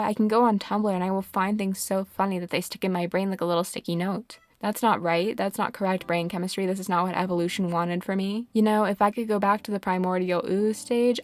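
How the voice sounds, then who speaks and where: A young woman chats her way through a gameplay session in a casual, rambling style. Her voice sits at an ordinary mid pitch, and her tone stays sarcastic as she scolds characters on screen. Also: steady tone, a little fast, hardly any pauses. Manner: sarcastic, talks to game characters, mock-scolding asides. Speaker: gaming vlogger.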